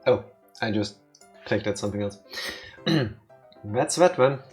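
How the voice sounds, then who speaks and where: A man's voice: on the low side, animated, measured pace, darkish tone. A man co-hosting a let's play, chatting casually and hamming up the game's lines in mock-dramatic voices. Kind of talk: casual gameplay chat with voiced readings. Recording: faint music behind.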